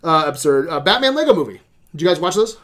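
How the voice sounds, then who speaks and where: A man's voice: on the high side, big pitch swings, fast talker, over a noisy crowd. A man ranting about movies on a casual podcast, swearing a lot and sounding exasperated. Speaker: podcast host reviewing movies. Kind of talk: casual profane movie rant.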